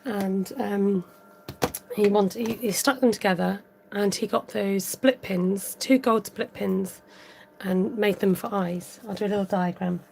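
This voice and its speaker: A woman's voice: medium pitch, fairly even intonation, measured pace, vocal fry, darkish tone, a little hiss or hum. A woman chatting casually and giggling as she demonstrates a papercraft tutorial at home. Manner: chatty, giggly, talks while working. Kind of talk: casual crafting tutorial chat.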